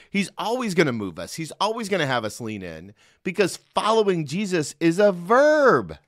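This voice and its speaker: Here a middle-aged podcast host delivers solo devotional talk in a fairly bright, higher-pitched voice. The studio sound is clean with no room tone, and he's earnest, conversational, and often checks in with the listener.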